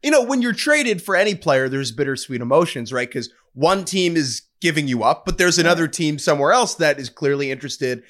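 A man's voice: a little high, animated, a little fast, hardly any pauses, a bit bright. A man co-hosting a sports podcast, chatting with enthusiasm. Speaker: podcast co-host. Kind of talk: casual interview chat.

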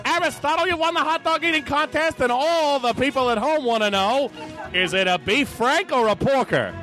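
Brash nasal old-time radio announcer played by a man, very high, music behind. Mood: jovial. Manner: booming rapid-fire patter. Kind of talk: 1930s radio announcer parody.

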